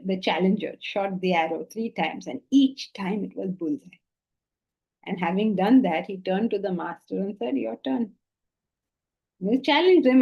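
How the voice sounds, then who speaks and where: Woman teacher giving an animated lecture. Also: mid-range voice, slightly rough, muffled recording. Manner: animated, with rhetorical questions and repeated words. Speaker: spiritual teacher. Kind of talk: philosophy lecture with storytelling.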